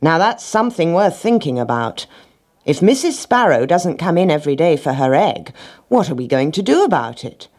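A woman doing a dim lazy storybook dog, slow drawling lines in a low husky voice. nothing hurries him. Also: big pitch swings, darkish tone.

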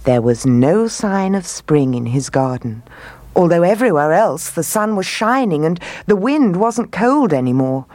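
Casting note: woman storyteller, low voice with lots of melodic movement, unhurried. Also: dry recording. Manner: gentle, expressive read-aloud. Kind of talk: storybook reading aloud.

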